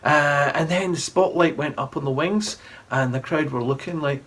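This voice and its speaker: Middle-aged author reading a story aloud to kids: animated, chatty, a touch husky. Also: male voice, a little high, a little slow, pauses often. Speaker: children's author.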